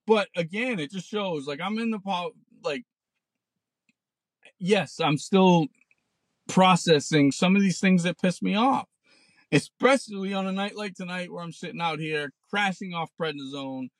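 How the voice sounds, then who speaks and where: A man's voice: high-pitched, unhurried, no echo. A man in his forties hosting a podcast, ranting bluntly and sarcastically with plenty of swearing, recorded in a parked car. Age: 40s. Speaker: podcast host. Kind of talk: ranting casual monologue.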